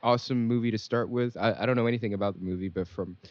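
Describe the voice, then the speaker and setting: A man's voice: on the low side, steady tone, very fast, no echo. A man hosting a casual podcast chat, laid-back and rambling with many fillers, from Singapore. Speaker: podcast host. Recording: dry, dull lo-fi audio.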